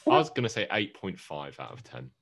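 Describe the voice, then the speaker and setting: A man's voice: deep voice, huge pitch swings, brisk, a bit bright. A man co-hosting a podcast in casual chat, joking and tripping over words with a laugh. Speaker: podcast co-host.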